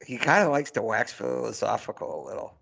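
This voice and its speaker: Man, gravelly voice, casual podcast chat, halting, restarts phrases, chuckles. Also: medium pitch, very animated, fairly bright tone. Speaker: podcast co-host.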